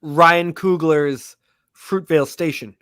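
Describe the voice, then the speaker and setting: A man's voice: fairly high pitch, fairly even intonation, slow pace, a bit bright, clean tone, no echo. A man co-hosting a comedy podcast, reading titles off a list and teasing his co-hosts. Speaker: podcast co-host. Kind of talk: casual comedic chat.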